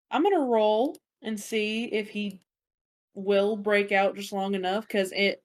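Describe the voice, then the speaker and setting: A woman's voice: medium pitch, a bit bright. A woman narrating as game master of a tabletop game, calling rolls and describing the enemies' turns.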